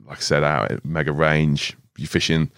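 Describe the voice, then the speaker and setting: A man's voice: rumbling low, level tone, normal speed, a bit bright, clear, resonant tone, no echo, studio quality. A young man in his twenties, a podcast guest telling stories in a laid-back way, swearing often and laughing as he goes. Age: 20s. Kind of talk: casual storytelling chat. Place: podcast studio.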